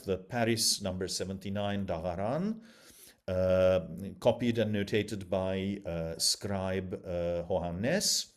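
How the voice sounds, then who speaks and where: A man giving a formal academic lecture over a video call, with learned phrasing and frequent hesitant fillers. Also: lowish voice.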